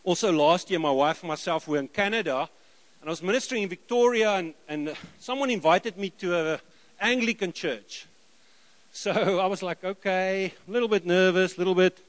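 A middle-aged South African man preaching, telling lively stories and acting out the dialogue. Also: sits high, moderate pace. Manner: lively anecdotal, acts out dialogue, chuckles. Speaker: missionary preacher. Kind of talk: sermon storytelling.

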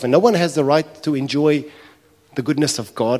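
A man preaching a sermon, telling a parable with animated, acted-out voices. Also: fairly high pitch, moderate pace. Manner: animated storytelling, acting out characters' complaints. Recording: echoey hall reverb.

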